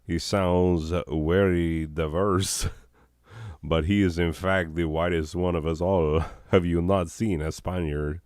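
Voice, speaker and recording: A hoarse, sick man hosting a comedy show, rambling in a deadpan way with chuckles and coughs. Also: deep voice, slow, dry recording, studio quality.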